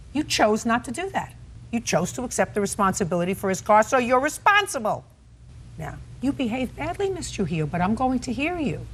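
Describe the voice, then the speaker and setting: A woman presiding as a TV court judge, sharp and scolding, who cuts people off constantly. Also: a little high, big pitch swings, fairly quick, husky. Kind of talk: courtroom TV show. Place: TV courtroom set.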